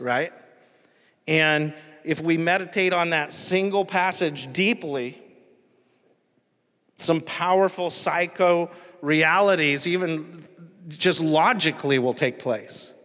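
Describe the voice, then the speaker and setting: A man's voice: fairly high pitch, takes it slowly, fairly bright tone. Conversational male pastor in a reverberant hall. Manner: casual, conversational, asks the congregation questions. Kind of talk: sermon.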